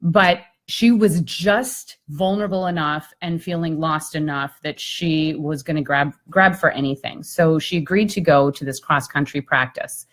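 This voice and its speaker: On a live video chat, a woman who works as a speaker and coach tells a story in a lively, conversational way, leaning often on "like" and "I mean." Her voice is deep and unhurried, with few pauses.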